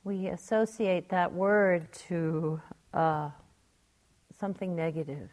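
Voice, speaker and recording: An older woman, a meditation teacher, giving a gentle, reflective dharma talk. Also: lowish voice, fairly even intonation, slow.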